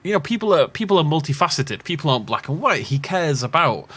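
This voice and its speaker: Casting: man from the Isle of Man, let's play host, lively and animated, musing aloud. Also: a little high, fast talker, husky. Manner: rambling, thinking aloud, chuckling. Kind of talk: casual gameplay commentary.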